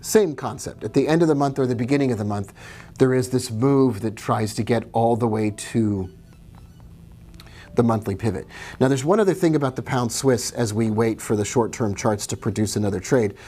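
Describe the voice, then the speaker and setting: A man's voice: mid-range voice, normal speed, mellow. Chatty man hosting a live trading stream. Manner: casual, chatty, greets viewers by name. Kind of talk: live-stream commentary on charts.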